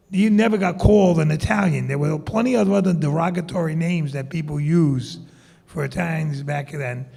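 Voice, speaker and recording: A man's voice: a little high, gravelly, dark tone, breathy edge, big-room sound. A man giving a conversational public speech with humorous asides, introducing the honorees. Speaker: event speaker introducing honorees.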